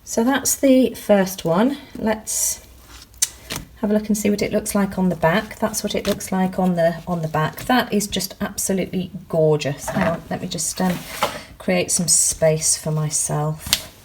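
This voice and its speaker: A woman narrating a craft project in her home kitchen, chatty and full of ums, gushing with excitement as she works. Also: lowish voice, a little slow, a little hiss or hum, poor audio. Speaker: crafts vlogger. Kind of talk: casual how-to narration.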